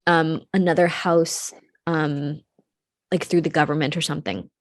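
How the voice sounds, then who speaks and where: Dry, low-voiced young woman storyteller. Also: steady tone, measured pace, no echo. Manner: chatty, swearing, drops to a mutter at ends of thoughts. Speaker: podcast host telling a true crime story. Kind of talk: casual true crime chat.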